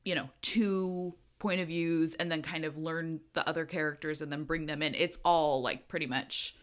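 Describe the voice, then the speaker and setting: A woman's voice: deep voice, fairly even intonation, normal speed. A woman co-hosting a podcast in casual chat, talking in a chatty, rambling way and laughing often. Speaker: podcast co-host. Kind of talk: casual book-club chat.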